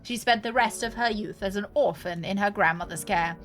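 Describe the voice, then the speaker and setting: A woman puts on a polished female news anchor for a sci-fi game, delivering a bulletin in a measured, formal cadence. The voice is bright and clear, with soft music underneath. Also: mid-range voice, natural voice. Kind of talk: reading a scripted news segment aloud.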